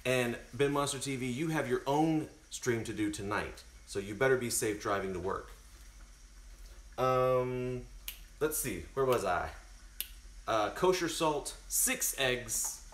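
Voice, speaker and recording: In an echoey room, a medium-pitched man speaks slowly with a fairly bright tone. He's the host of a casual cooking stream, chatting directly to his audience as he cooks live in his home kitchen.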